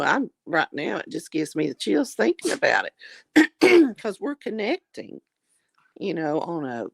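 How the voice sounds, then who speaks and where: Middle-aged lady chatting w viewers on a stream, lower voice, real lively up and down, bit of gravel in it, dry close mic. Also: dry recording. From Southern US. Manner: warm, affectionate, calls viewers honey and darling. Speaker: livestream host. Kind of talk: casual chat reading viewer comments.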